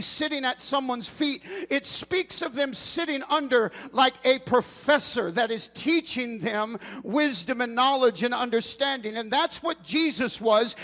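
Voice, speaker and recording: A man preaching a sermon in a church, passionate and building to shouted, almost sung lines. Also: extremely high pitch. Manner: impassioned preaching, rising to shouts and a sung cadence. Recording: long reverb in a large hall.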